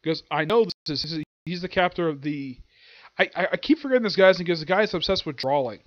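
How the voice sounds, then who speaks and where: A man's voice: a little high, expressive, fast, no room sound, lo-fi sound. A man reviewing an anime and manga chapter in a casual, rambling way, stopping to hunt for names and acting out the characters' lines.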